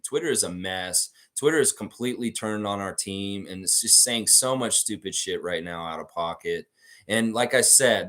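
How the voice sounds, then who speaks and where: A man hosting a live sports chat stream, reading viewer comments and ranting in a profane, animated way. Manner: animated, profane, mocks fans with whiny high baby voices. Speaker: podcast host.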